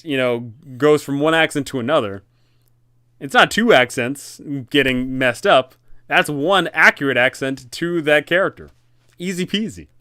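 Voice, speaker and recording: A man hosting a casual tabletop-game advice talk, animated and rambling, correcting himself often. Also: fairly high pitch, smooth, no room sound, studio quality. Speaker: dungeon master and channel host.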